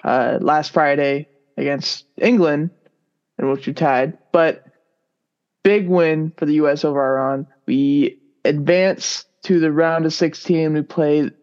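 A man co-hosting a sports podcast, talking in a relaxed, rambling way with lots of fillers. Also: fairly high pitch, slow pace. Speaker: podcast co-host. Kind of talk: casual sports podcast chat. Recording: dull lo-fi sound.

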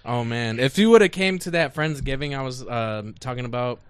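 Relaxed man of middle pitch, rambling and easygoing; casual friend-group chat. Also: a little fast, clear, resonant tone, no room sound.

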